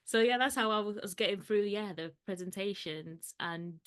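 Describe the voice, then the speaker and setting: A woman's voice: medium pitch, moderate pace, fairly bright tone, clear, resonant tone. Chatty woman co-host telling a story. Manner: chatty storyteller, laughs often, acts out quoted lines. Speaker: podcast co-host. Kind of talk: casual chat.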